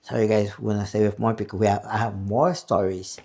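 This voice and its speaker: A man's voice: lowish voice, fairly even intonation, fast talker, warm tone. A middle-aged man co-hosting a podcast, telling a ghost story in casual, profane chat that slips into Spanish. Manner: profane, mixes Spanish into English. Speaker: podcast co-host.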